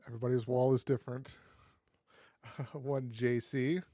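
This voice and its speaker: A man's voice: medium pitch, little pitch movement, measured pace, dark tone, no echo. An easygoing man hosts a casual podcast chat, laughing often as he talks. His voice sits in a middle register and is recorded close and dry, with little room sound. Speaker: podcast host.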